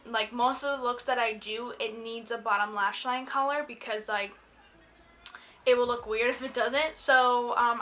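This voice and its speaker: A young woman with a bright, fairly high voice talks through her makeup steps in a chatty voiceover. She rambles easily, filling gaps with ums and likes. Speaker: beauty vlogger. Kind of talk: casual makeup tutorial voiceover. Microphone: voiceover mic.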